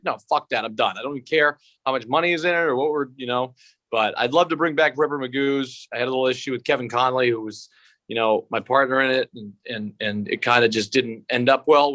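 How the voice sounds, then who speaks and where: A man's voice: medium pitch, fairly bright tone, dry recording. A young man telling stories as a guest over a video call, swearing freely and rambling. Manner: profane, rambling storytelling. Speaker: guest, sportscaster-style comedian.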